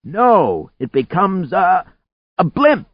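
A precise, level-headed man, as a narrator plays him calls out his explanations in a raised voice. The delivery is matter-of-fact and slightly higher than the narrator's own, and the recording is dry and a bit dull. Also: very animated, takes it slowly, husky, no room sound, exaggerated voice. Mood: earnest.

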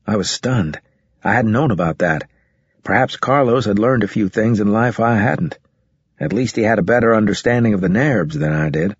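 Male audiobook narrator, husky, low, measured. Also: no room sound. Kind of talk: scripted first-person narration. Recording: dull, muffled audio.

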